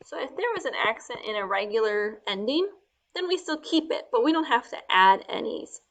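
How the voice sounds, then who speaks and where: A woman teaching Spanish verb forms step by step while writing them out, talking through each change slowly and sometimes dropping to a soft murmur as she writes. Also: on the high side, very animated. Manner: slow, step-by-step explaining. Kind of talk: explaining grammar while writing.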